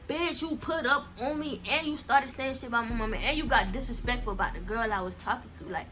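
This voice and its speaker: A woman's voice: fairly high pitch, quick pace, few pauses, music in the background. A young woman vlogger telling a story in a casual, slangy, profane way. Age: young adult.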